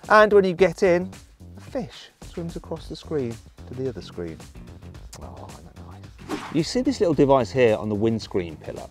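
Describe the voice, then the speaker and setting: A man's voice: mid-range voice, big pitch swings, moderate pace, soft background music. A man from the English Midlands with a British accent, presenting a car review in an upbeat, playful, chatty way. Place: in and around a car.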